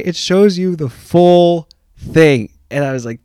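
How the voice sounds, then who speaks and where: A man hosting a podcast, telling a funny story with lots of laughter and mock-deadpan asides. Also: a little high, slow, smooth, no echo, clean studio sound. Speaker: podcast host. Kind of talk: comic storytelling.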